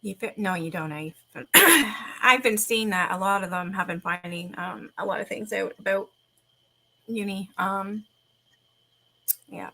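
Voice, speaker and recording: Bright-voiced woman telling stories casually. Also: medium pitch, unhurried, pauses often. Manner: rambling, with many fillers and restarts. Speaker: livestream host. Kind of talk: casual storytelling to a live chat.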